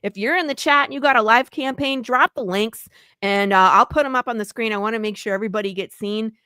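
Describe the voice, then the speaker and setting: A woman's voice: on the high side, quick pace, sharp tone, clean tone, no echo, clean studio sound. A woman hosting a casual chat show, bubbly and teasing, laughing often. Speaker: podcast host.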